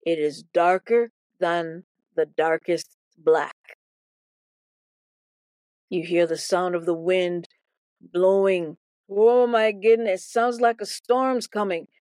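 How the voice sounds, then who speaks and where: A woman's voice: fairly low pitch, fairly even intonation, slow, darkish tone, dry recording. A woman teaching a Bible lesson as playful, theatrical storytelling, often repeating words for effect.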